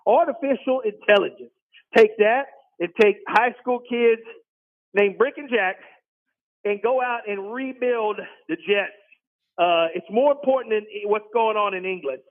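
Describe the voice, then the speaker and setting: Man doing a folksy older team owner, high voice, rambling, deadpan, phone-line sound. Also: natural voice. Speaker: caller.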